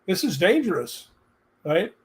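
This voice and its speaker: A man telling personal stories in a casual chat, animated and laughing as he goes. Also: sits high, unhurried.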